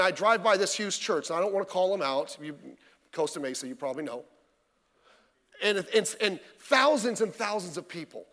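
A man's voice: sits high, fairly bright tone. A male pastor giving a midweek sermon in church, talking in a folksy, conversational way with lots of rhetorical questions. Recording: reverberant church hall.

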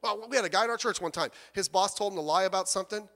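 A man preaching in a church with a high, light voice that carries a long echo through the room. He is animated and conversational, acting out the people he quotes and dropping from loud outbursts to soft asides. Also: rapid-fire. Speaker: pastor. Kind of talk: sermon.

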